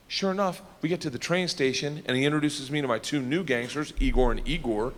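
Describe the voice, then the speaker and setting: A man telling an animated, rowdy stand-up story before a live audience, breaking into laughter and shouts. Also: mid-range voice, quick pace, few pauses. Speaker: stand-up comedian. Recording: long hall reverb with faint noise.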